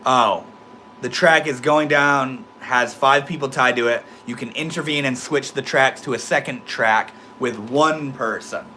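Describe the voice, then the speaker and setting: This livestream host is a young man whose medium-pitched voice comes across pushed and bright yet unhurried. He chats casually with viewers, has a slight lisp, and swears freely, with a touch of hiss or hum in the background.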